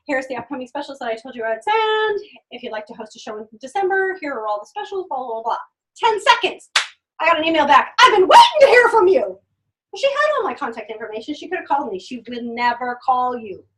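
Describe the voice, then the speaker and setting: A woman giving an energetic sales training talk, acting out customer conversations and repeating words for emphasis. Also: high voice, brisk. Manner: energetic, acts out customer dialogues. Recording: voice from a distant mic.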